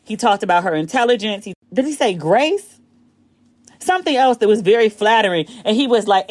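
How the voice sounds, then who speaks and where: Excitable woman podcaster with candid chatter. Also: medium pitch, a little fast, no echo. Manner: candid, profane, excitable with laughter. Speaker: podcast host. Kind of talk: casual solo commentary. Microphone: phone.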